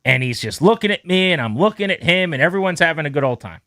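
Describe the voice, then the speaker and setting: A man hosting a sports radio show, telling a story in a lively, animated way and acting out the quotes in it. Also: a little high, fast talker, no echo, studio quality. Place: radio studio. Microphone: studio mic.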